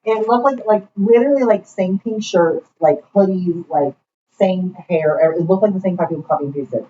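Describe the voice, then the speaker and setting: A woman's voice: on the low side, moderate pace. A young woman co-hosting a podcast, telling a party story in rambling casual chat and swearing freely. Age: young adult. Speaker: podcast co-host. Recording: distant mic, dull lo-fi sound, faint hiss.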